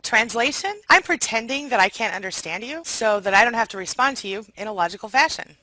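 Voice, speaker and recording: A woman's voice: fairly high pitch, expressive, fairly quick, few pauses, pushed and bright, no echo, low-quality recording. A woman host talking expressively and dramatically, with a sarcastic edge. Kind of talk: acted skits and explanations.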